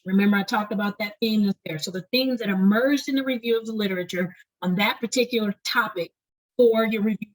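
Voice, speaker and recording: A woman leading an online lecture on doctoral writing, talking fast and often checking in with "right?". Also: medium pitch, low-quality recording. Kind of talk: webinar lecture.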